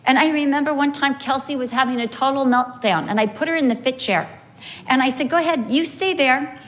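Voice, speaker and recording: Animated, slow-phrased woman preacher. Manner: animated, wide pitch swings, slow emphatic phrasing. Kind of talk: storytelling sermon.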